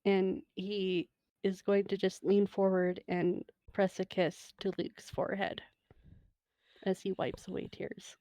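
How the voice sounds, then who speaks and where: Gm lady narrating a tabletop game, slow and soft, mid pitch, dry sound. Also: little pitch movement, no room sound. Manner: soft, unhurried, emotional narration with laughs. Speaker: game master.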